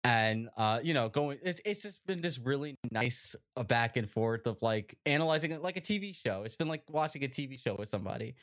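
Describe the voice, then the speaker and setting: A male podcast host in easy conversation, his voice at an ordinary middle pitch. He rambles with plenty of fillers and keeps tossing out "right?" to his listeners. The delivery is animated and casual. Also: fairly quick, few pauses. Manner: animated, chatty, with many fillers and tag questions. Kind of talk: casual chat.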